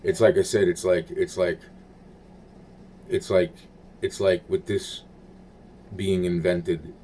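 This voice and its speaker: A man's voice: deep voice, flat delivery, slow, dark tone, slight background noise. A man talking in a rambling, repetitive monologue, swearing and searching for words.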